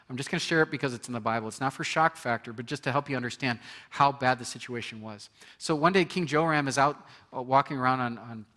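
A man's voice: medium pitch, pushed and bright, in a large hall. A man preaching a sermon as pastor, conversational, asking the congregation questions and acting out quoted people.

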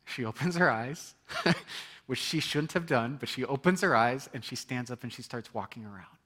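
A man's voice: mid-range voice, lively intonation, normal speed, a bit bright, slightly rough. A man preaching a sermon, earnest and building to emphatic points, with frequent restarts. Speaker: pastor.

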